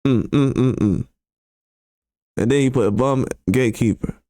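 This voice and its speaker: A man's voice: medium pitch, moderate pace, dark tone, no room sound, studio quality. A man hosting a boxing commentary channel who reacts to tweets in a blunt, casual way, full of slang and rhetorical questions, his voice often jumping up in disbelief.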